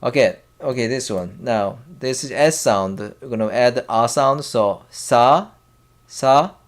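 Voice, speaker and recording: A man with a Korean accent teaching a language lesson in a slow, halting way, pausing often and drilling syllables aloud. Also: mid-range voice. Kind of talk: casual whiteboard lesson.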